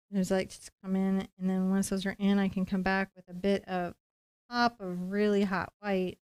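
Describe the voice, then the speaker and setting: A woman's voice: medium pitch, steady tone, normal speed, a little mellow, clear, resonant tone. A middle-aged woman giving a live acrylic painting lesson, chatting playfully while she paints. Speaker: painting instructor.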